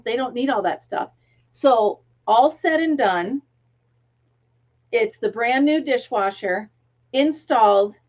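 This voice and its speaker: Middle-aged lady chatting while she crochets, kinda high voice, dull lo-fi sound, coughs now and then. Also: darkish tone. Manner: chatty, laughs often, counts stitches aloud. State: tickle in throat, coughing. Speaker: crochet livestream host. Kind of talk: casual chat while crocheting.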